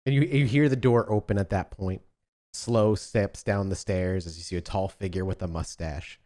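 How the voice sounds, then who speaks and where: A man narrating as the game master of a tabletop role-play, setting scenes in a calm, measured way. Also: low-pitched. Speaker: storyteller.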